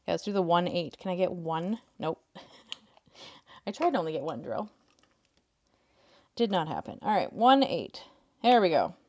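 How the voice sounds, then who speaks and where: A woman hosting a casual crafting livestream, chatting with viewers and coaxing her cats in a soft voice. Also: lowish voice, big pitch swings, unhurried, pauses often. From Canada.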